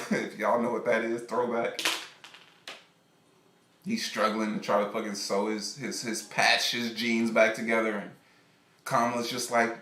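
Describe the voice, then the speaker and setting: Rambling, animated streamer man. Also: on the low side, measured pace, pauses often, echoey room. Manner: rambling, animated, laughs often. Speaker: live streamer. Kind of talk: casual profane storytelling.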